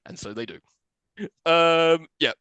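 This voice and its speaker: A man's voice: fairly high pitch, slow pace, clear, resonant tone, dry recording. A man co-hosting a podcast, recapping a film in casual chat, often laughing and swearing. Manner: animated, swearing, laughing retelling with quoted voices. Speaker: podcast co-host.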